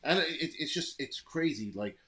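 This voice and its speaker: A man's voice: a little high, expressive, normal speed, fairly bright tone. Blunt, profane American man ranting. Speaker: livestream host reading chat. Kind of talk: profane casual live chat.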